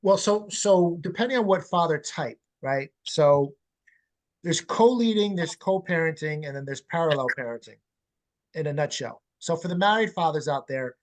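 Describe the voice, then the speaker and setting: High-voiced, animated male parenting coach. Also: moderate pace. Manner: animated and emphatic, blunt with casual swearing. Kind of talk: webinar interview answers. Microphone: video call.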